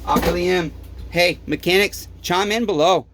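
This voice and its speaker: A high-voiced man rants in his repair workshop, worn out and fed up. He swears at nearly every turn as he airs his frustrations. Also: moderate pace, background noise. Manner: swears constantly, frustrated ranting. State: tired, fed up. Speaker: small-engine repair shop owner. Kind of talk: angry workshop rant to camera.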